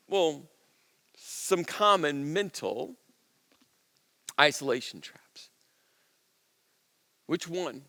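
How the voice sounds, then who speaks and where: A pastor preaches earnestly in a conversational way, dropping into soft, low asides before rising again for emphasis. The sound suggests a big room.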